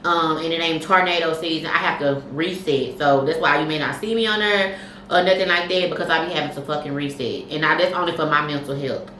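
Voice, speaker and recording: A woman co-hosting a podcast, telling stories in a candid, profane, animated way. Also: low-pitched, brisk, reverberant, distant mic, a little hiss or hum. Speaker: podcast co-host. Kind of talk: casual chat, storytelling.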